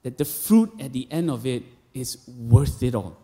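A man's voice: medium pitch, lively intonation, normal speed, dark tone. A man in his thirties with a Malaysian English accent, a pastor preaching a sermon and telling stories with quoted voices and casual asides. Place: church auditorium. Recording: long reverb of a large hall.

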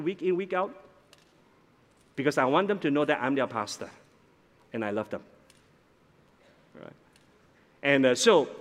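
A man preaching as the senior pastor of a church, animated, often repeating words and asking "all right?" as he goes. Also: fairly high pitch. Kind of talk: sermon. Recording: long reverb of a large hall.

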